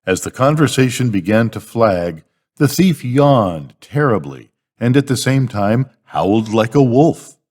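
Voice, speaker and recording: An older man reads fables aloud as a bedtime story, his pitch rising and falling in lively storytelling. He keeps a measured, steady delivery. A long hall reverb trails behind his voice. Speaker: grandfather reading to a grandchild.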